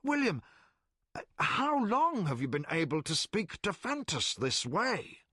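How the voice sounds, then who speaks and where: A man voicing a kindly elderly male magician who speaks slowly and gently, full of wonder, in a dry studio read. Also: medium pitch, wildly swooping pitch, husky, no echo, full character voice. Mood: delighted.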